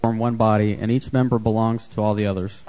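A man reads scripture verses in a quick, steady cadence. His tone is dark and mellow, and the sound carries a long reverb as if in a large church hall. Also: on the low side. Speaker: scripture reader. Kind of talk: reading scripture aloud.

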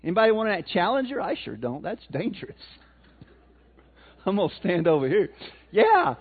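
High-voiced preacher, tinny sound. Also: male voice, very animated, moderate pace, breathy edge. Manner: conversational preaching with questions to the congregation. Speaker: pastor. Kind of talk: sermon.

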